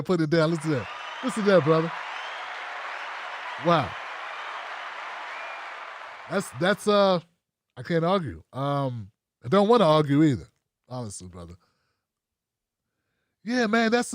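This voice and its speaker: Call-in host, man, high voice, lively slangy delivery, dry close sound. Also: no echo. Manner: animated, laughing, loose slangy chat. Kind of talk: call-in show talk.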